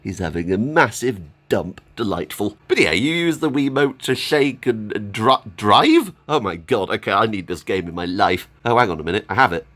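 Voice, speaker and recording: A man's voice: lowish voice, expressive, normal speed, hardly any pauses, a bit bright. A man talking casually in a vlog as he shows off a haul of games, chatty and enthusiastic, and he laughs often. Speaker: gaming YouTuber.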